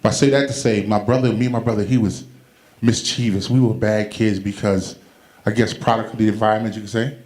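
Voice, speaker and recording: A man doing stand-up comedy, telling animated stories and acting out the people in them, on a club stage with a handheld mic. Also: lowish voice, fairly quick. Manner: animated, acts out quotes with loud shouted punchlines. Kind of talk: stand-up storytelling.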